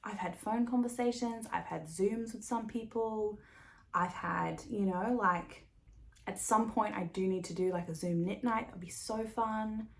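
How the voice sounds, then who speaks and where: A woman's voice: mid-range voice, measured pace, vocal fry. Woman, podcast host, casual and chatty, mid-range voice, laughs a lot. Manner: chatty, rambling, laughs often, swears casually. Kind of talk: casual chat.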